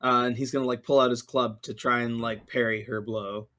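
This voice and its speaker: A man's voice: medium pitch, flat delivery, a little fast, bright, forceful tone. A man playing in a tabletop game, describing his character's moves in a hesitant way, with many fillers. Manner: hesitant, filler-heavy narration. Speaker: player.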